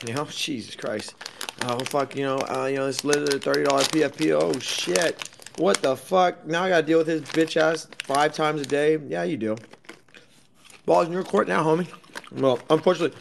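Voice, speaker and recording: A man's voice: a little high, gravelly, slight background noise. A man co-hosting a crypto podcast, ranting sarcastically and swearing a lot in casual banter. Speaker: podcast co-host.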